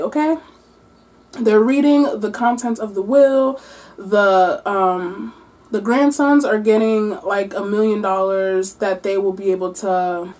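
A woman doing a mukbang-style book wrap-up, animated and exclamatory as she talks between bites. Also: medium pitch. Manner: animated, exclamatory, talking while eating. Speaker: book vlogger.

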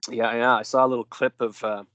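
A man's voice: medium pitch, level tone, fast talker, a bit bright, dry recording. Rambling jokey male podcast host. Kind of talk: casual podcast chat.

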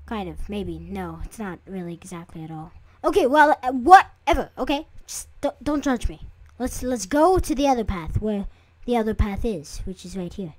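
This gaming video creator, a young woman, talks her viewers through a game in casual let's-play commentary, chatty and easily startled into sudden squeals. Her voice is mid-range at a moderate pace, in a dry recording.

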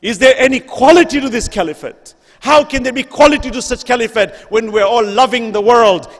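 A man giving an emotional religious lecture, building to loud questions and sinking to hushed, near-whispered passages. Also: sits high, in a large hall.

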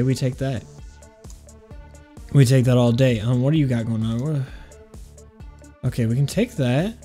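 With a warm, mid-range voice, this gaming channel host chats loosely over his gameplay. His commentary wanders and is full of jokes, and he often stops himself to say "hold on."

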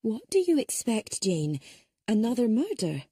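A woman's voice: on the high side, sing-song, a little slow, mellow, slightly rough, dry recording, studio quality, pitched above the performer's own voice, heavily acted. A woman voicing a forthright older woman who speaks bluntly and emphatically, with some impatience. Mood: indignant.

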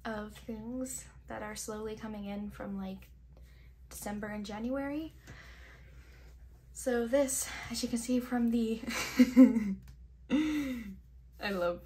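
A young woman's voice, somewhat high and distinctly nasal, drawls along slowly as she gushes over each item she opens. She chats casually and swears often, and sounds tired from little sleep. A faint hiss of noise sits underneath. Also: mellow. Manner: chatty, gushing and profane. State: sleep-deprived. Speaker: vlogger. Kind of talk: casual mail unboxing chat.

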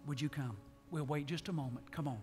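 A man preaching an altar call to a large church, pleading, repeating words, and swinging from loud appeals to hushed tones. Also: a little high, fairly quick, music in the background. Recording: long church hall reverb.

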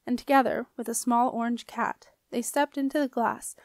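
A woman narrating a children's fantasy novel as an audiobook reader with a steady storytelling delivery. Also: fairly high pitch, moderate pace, no room sound. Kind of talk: scripted narration.

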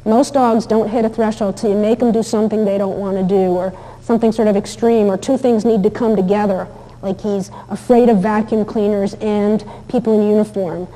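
A woman's voice: medium pitch, steady tone, a little fast, dark tone, in a large hall, poor audio. A woman teaching about dog behavior in a chatty, anecdotal lecture, with many fillers and restarts. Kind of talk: recorded lecture with video clips.

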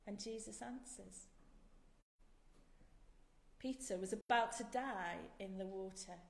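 A woman leading a church service who gives an earnest, measured sermon and then prays aloud. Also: medium pitch, creaky, darkish tone. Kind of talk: sermon and spoken prayer. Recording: echoey church room.

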